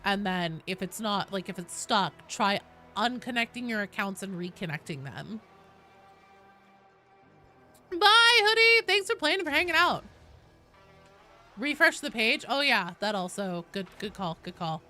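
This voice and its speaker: A woman's voice: medium pitch, very animated, moderate pace, pushed and bright, faint music behind. A young woman streaming a game, chatting casually with viewers in a bubbly manner and swearing freely. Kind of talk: casual live-stream chat.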